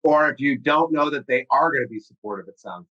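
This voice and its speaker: A man's voice: mid-range voice, animated, fairly quick, sharp tone, dull audio. A man hosting a podcast interview, asking pointed questions emphatically and repeating words as he presses a point. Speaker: podcast host. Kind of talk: casual interview talk.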